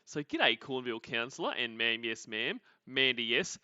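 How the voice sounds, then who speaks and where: A man's voice: mid-range voice, expressive, normal speed, sharp tone, smooth, no echo, lo-fi sound. An Australian man hosting a casual livestream, rambling, laughing often and greeting viewers. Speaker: podcast host.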